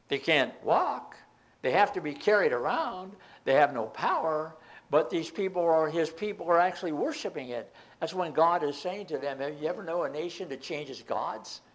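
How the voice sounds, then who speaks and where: A man preaching a Bible teaching, reading scripture aloud and explaining it with emphatic outbursts. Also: a little high.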